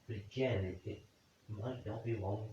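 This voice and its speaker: A fairly low-voiced man works through his theories out loud and asks questions into an empty room, pausing to reason and second-guess himself. He sits some way from the mic, and the room rings with heavy echo. The sound is dull and lo-fi. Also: fairly even intonation, a little hiss or hum. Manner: speculative, questioning, addresses spirits directly. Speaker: paranormal investigator. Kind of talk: thinking aloud during a night vigil. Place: indoor room at night. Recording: very echoey, distant, dull lo-fi sound.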